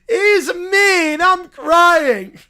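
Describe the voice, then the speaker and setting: A woman's voice: very slow, sharp tone, heavily acted. A woman voicing a whiny, spoiled bratty girl who whines and makes demands in a video clip. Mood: whining. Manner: shrill, whining, demanding.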